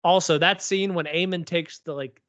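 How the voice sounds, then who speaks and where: A man's voice: high-pitched, steady tone, normal speed, a bit bright, dry recording. A man co-hosting a podcast, chatting casually about a TV episode, rambling with lots of fillers. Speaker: podcast co-host. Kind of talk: casual TV recap chat. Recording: dull lo-fi recording.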